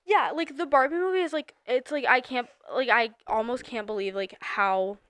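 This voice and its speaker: A woman's voice: sits high, moderate pace, fairly bright tone, dry recording. A nineteen-year-old woman co-hosting a casual podcast, rambling with lots of fillers and bursts of emphasis. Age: young adult. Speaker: podcast co-host. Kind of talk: casual chat.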